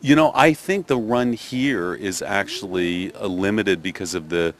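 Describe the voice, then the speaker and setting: An older Canadian-accented theatre director with a low voice answers questions in a press interview, speaking a little slowly. He's thoughtful, with many restarts and fillers.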